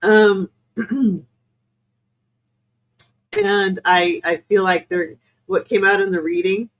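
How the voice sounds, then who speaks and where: A woman from the United States, medium-pitched and steady, speaks slowly as a spiritual reader on a live stream; the recording is low quality with slight background noise. She meanders and hesitates through viewers' questions, filler-heavy, chatty and apologetic toward them.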